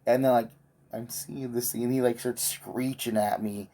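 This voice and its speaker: A man's voice: medium pitch, fairly even intonation, normal speed, heavy background noise. A man vlogging while he sews, telling a meandering story in an offhand way and swearing casually.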